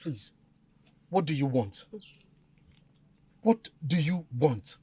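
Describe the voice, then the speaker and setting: An actor playing a frightened captive pastor who pleads and stammers. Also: male voice, on the high side, lively intonation, slow, warm tone, slightly rough, full character voice. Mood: pleading. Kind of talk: Nollywood film acting.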